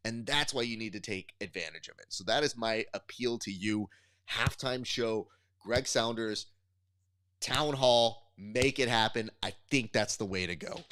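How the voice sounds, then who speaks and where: A man co-hosting a casual podcast, riffing animatedly and pitching ideas with mock appeals to the listener. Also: fairly bright tone, clean tone, no room sound. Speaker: podcast co-host.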